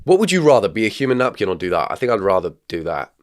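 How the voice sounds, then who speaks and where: A young man doing comedic reaction commentary, jokey and animated, laughing often and squealing at gross moments. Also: deep voice, fast. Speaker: commentary YouTuber reacting to clips.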